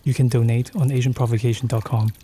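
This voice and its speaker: A man reading a podcast outro with credits in a calm, measured way. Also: medium pitch, a little hiss or hum. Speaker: podcast host. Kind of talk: scripted outro narration. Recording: faint music underneath.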